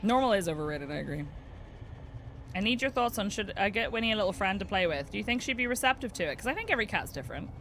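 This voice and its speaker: Woman game streamer, chatty storyteller, lively pitch, faint background noise. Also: quick pace. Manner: chatty storyteller, animated, laughs a lot. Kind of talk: casual chat while playing a game.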